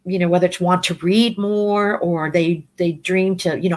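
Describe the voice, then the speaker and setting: A middle-aged woman educator speaking as an interview guest, animated and often acting out the voices of people she quotes. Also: on the low side, normal speed. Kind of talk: conversational interview.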